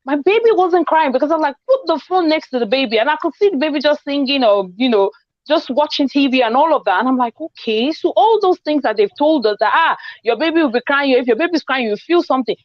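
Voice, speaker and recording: A woman hosting a casual group chat, telling a personal story in an animated way and acting out the dialogue. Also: high-pitched, fast talker, dry recording, dull audio. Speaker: host. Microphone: video call.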